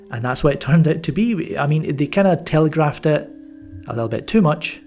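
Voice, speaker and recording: A man's voice: fairly high pitch, animated, a little fast, a little mellow, faint music behind. A man giving a casual spoken movie review, rambling with many fillers and restarts and a wry, mildly sarcastic edge. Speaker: film reviewer.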